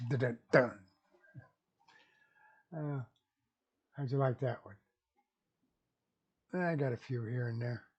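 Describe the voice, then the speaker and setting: Folksy guy rambling on his vlog, kinda husky, warm and low-key, muffled lo-fi sound. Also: unhurried, pauses often. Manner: folksy, rambling, chuckles at own jokes. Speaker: YouTube vlogger. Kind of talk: casual monologue with jokes.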